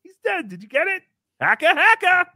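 A man's voice: high voice, big pitch swings, moderate pace, fairly bright tone, dry recording. A man putting on a silly, self-pitying showman character who talks about himself in the third person in a melodramatic, whiny way on a comedic live stream. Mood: excitable. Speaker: livestream show host.

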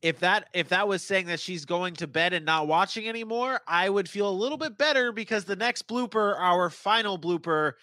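Rambling, bright-voiced man from Florida. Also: sits high, dry recording. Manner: rambling, self-deprecating, halting restarts. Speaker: podcast co-host. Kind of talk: casual sports podcast banter.

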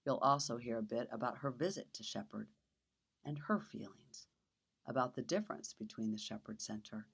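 A woman host narrating a personal story in a soft, intimate way, sometimes dropping to a whisper. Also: very deep voice, moderate pace, husky. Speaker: podcast host.

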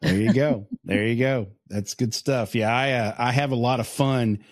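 A man's voice: mid-range voice, fairly even intonation, normal speed, no room sound. Kentucky guy cohosting a podcast, chatty, explains stuff, dry close mic. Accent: Eastern Kentucky. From Eastern Kentucky. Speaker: podcast co-host. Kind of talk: casual interview chat.

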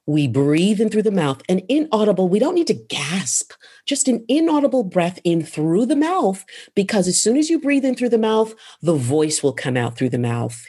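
A woman's voice: medium pitch, very animated, moderate pace, mellow, breathy edge. A woman who is a voice coach and author, answering interview questions in an emphatic, instructive way and landing her phrases firmly.

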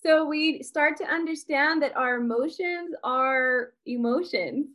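A woman co-hosting a podcast, calmly explaining points from a list in a measured way. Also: high-pitched. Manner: measured, explanatory, soft agreement noises. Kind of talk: explaining a list in casual chat.

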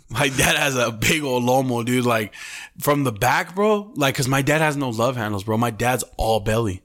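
A young man chatting casually on a podcast, his pitch sitting in an ordinary middle range. He tells rambling gym stories and swears freely, dropping "bro" and "dude" into nearly every line. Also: lively intonation, normal speed, a bit bright. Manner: swears a lot, loose storytelling with "bro" and "dude". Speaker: podcast co-host. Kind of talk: casual chat.

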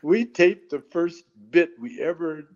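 A man's voice: fairly high pitch, a little slow. A man telling stories as a podcast guest at home, laughing often as he talks. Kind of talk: casual storytelling. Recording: slightly dull lo-fi recording.

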